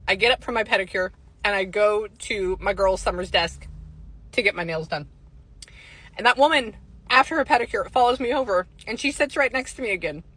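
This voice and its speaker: A woman's voice: mid-range voice, breathy edge, no room sound, low-quality recording. A woman working as a psychic medium, telling a casual story and acting out the voices of the people in it. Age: adult with a young son. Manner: animated, acts out quoted voices.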